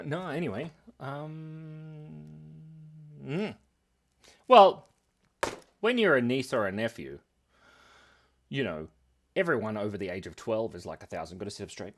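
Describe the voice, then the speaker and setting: A playful man in his thirties chats on a live stream from his computer desk. His voice swoops up and down as he rambles from one joke to the next, laughing often at himself. The pitch sits in the middle for a man. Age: 30s. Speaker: cartoonist streaming live and reading chat. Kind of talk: casual livestream chat.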